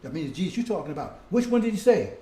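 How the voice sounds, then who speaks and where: A man's voice: fairly high pitch, big pitch swings, fast, dark tone. A man preacher giving a rambling sermon who keeps asking his listeners "see?" and "right?" and calls them brothers and sisters. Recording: roomy echo.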